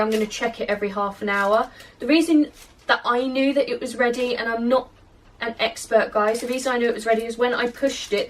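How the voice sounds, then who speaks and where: A woman's voice: fairly high pitch, slight background noise. Chatty woman baking at home. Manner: chatty and self-deprecating, talks to the dough. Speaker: baking vlogger. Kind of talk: casual how-to narration. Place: home kitchen. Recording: distant mic with faint kitchen clatter.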